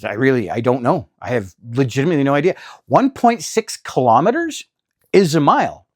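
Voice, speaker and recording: A man's voice: medium pitch, big pitch swings, brisk, no echo, studio quality. A middle-aged man, talking casually to camera about RV costs in a chatty, exasperated, self-deprecating way. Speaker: RV vlogger. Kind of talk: casual vlog talk.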